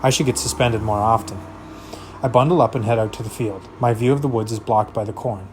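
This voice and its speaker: A man's voice: lowish voice, fairly quick, background noise. A man reading a novel aloud, narrating expressively in the first person. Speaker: reader.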